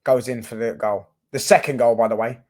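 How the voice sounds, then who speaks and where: A man's voice: mid-range voice, fairly even intonation, brisk, a little mellow. A young man, a football fan vlogger ranting in casual commentary. He repeats himself, restarts often and swears freely.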